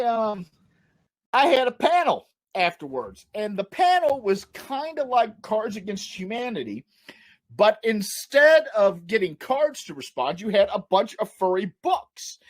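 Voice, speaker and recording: A man with a slightly high voice tells a comedy anecdote from home over a video call. He rambles with plenty of ums and uhs. He keeps breaking into giggles as he goes. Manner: rambling, giggly anecdote telling with many fillers. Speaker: comedian and panel host. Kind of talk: storytelling comedy chat.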